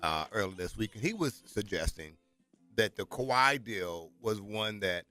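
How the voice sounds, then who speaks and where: A man's voice: fairly low pitch, animated, normal speed, sharp tone, soft background music. A man co-hosting a sports talk radio show, chatting with enthusiastic, hometown-proud banter. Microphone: studio microphone.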